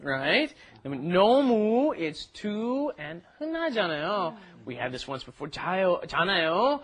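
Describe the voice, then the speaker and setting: A man co-hosting a language lesson, playful and lively as he explains pronunciation. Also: high-pitched, very fast. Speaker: co-host and language guide.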